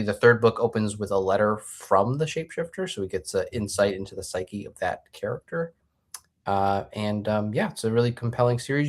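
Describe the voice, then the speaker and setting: A man guesting on a podcast, chatting casually and enthusiastically about his own comics over a video call, rambling a little. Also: on the low side. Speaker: guest, comic book creator. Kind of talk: casual chat.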